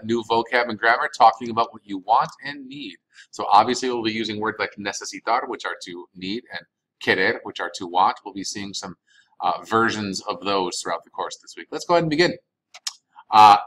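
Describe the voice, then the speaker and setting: A man's voice: lowish voice, normal speed, pushed and bright, poor audio. A man, recording a Spanish vocabulary lesson as the teacher, patiently saying each word and repeating it for practice.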